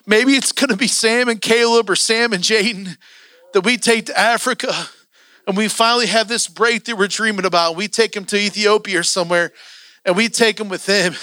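A male preacher delivers an impassioned sermon in a church, urging his congregation on. His voice is high and bright, with a forceful edge. The sound is dry and close. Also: steady tone, normal speed, dry recording.

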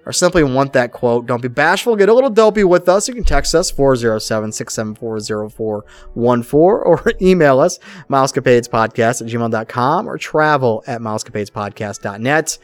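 Telling stories on a podcast he co-hosts, a middle-aged man chats casually and performs the quotes of the people involved. His medium-pitched voice runs a little fast with few pauses. There's no echo, just faint background music.

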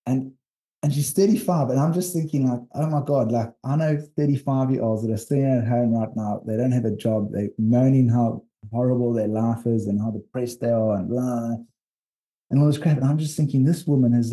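A South African man recounts his travels in a loose, rambling way, with lots of restarts. His voice is very dark and mellow, sitting at an ordinary pitch. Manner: rambling, animated storytelling. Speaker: podcast co-host and documentary filmmaker. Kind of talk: casual storytelling chat.

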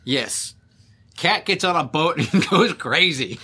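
Male podcast co-host, lively pitch, bright tone, rambling chat full of restarts and laughs. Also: slow, husky. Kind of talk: casual chat. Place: California.

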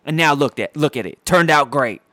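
A man's voice: fairly high pitch, expressive, moderate pace, sharp tone, no echo. A man at home by his TV, delivering a heated, profane and sarcastic rant about his sports team. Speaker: sports fan ranting on his channel.

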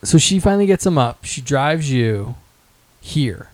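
A man telling a story in casual chat with friends, animated, swearing and acting out what people said. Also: mid-range voice, measured pace, no echo, rough recording. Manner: animated storyteller, swears, acts out quoted lines. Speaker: podcast co-host telling a story.

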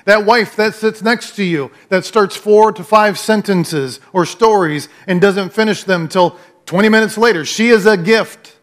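High-voiced pastor preaching with emphasis. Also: male voice, measured pace. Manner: repeats key phrases, conversational, emphatic. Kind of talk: sermon.

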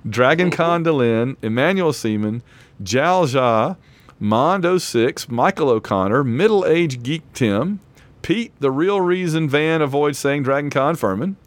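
Hoarse, chatty male podcast host. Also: a little high, animated, a little slow. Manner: chatty, rambling, laughs often. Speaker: lecturer. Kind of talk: casual chat.

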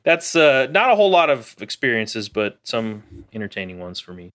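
A man telling a story in casual chat, relaxed and loose, full of fillers. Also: mid-range voice, normal speed. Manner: relaxed storytelling with many likes and you-knows.

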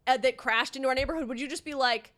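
A woman's voice: high voice, fast, a bit bright. A woman co-hosting a casual chat, sarcastic and swearing freely as she mocks characters. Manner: sarcastic, swears, acts out exasperated quotes. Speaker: podcast co-host. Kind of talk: casual chat recapping an anime.

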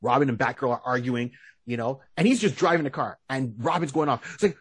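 Husky, animated man retelling scenes. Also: medium pitch, no room sound, clean studio sound. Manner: animated storyteller acting out cartoon scenes in quick voices. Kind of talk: casual podcast chat.

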